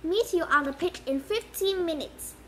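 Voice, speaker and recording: A burly teenage sports captain who urges others on briskly and heartily, as a woman reads him. The voice is high and bright. It is a storybook part. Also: a little hiss or hum. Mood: hearty.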